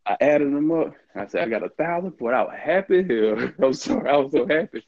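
A middle-aged former college football player, appearing as an interview guest, tells casual stories, acting out quoted dialogue and laughing often. His voice is a little high and darkish, with lively intonation and a quick pace with hardly any pauses. The recording is lo-fi with no room sound.

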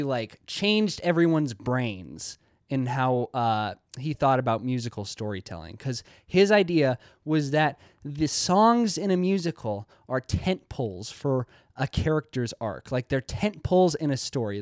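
A young man talks through a casual video essay in a mid-pitched voice. He rambles and restarts often, and it is recorded close in a dry space. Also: darkish tone, no echo. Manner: rambling, many fillers and restarts.

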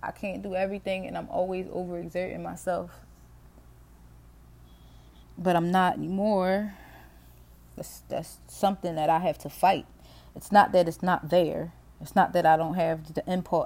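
A woman's voice: lowish voice, steady tone, normal speed, gravelly, warm tone. A middle-aged woman hosting her own podcast, talking to herself in a rambling, candid monologue, swearing freely and laughing often. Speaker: podcast host. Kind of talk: casual solo monologue.

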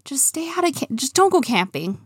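A young adult woman co-hosting a casual chat. She talks in quick, excitable bursts with frequent exclamations and laughs. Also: high voice, dry recording, studio quality. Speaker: co-host.

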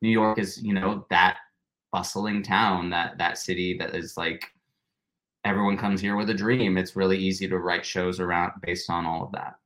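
Chatty young male actor guest, low-pitched, laughing and restarting often. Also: level tone, normal speed, a bit bright. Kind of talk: casual interview chat.

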